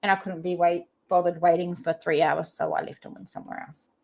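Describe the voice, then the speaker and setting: A woman's voice: fairly low pitch, level tone, a little fast, vocal fry. A woman from New Zealand with a New Zealand accent, hosting a casual livestream chat and reading viewer comments aloud. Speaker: livestream host.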